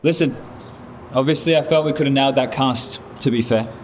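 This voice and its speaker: A man's voice: mid-range voice, brisk, a little hiss or hum. A man playing an angry esports team lead scolding a colleague in a comedy sketch, swearing often.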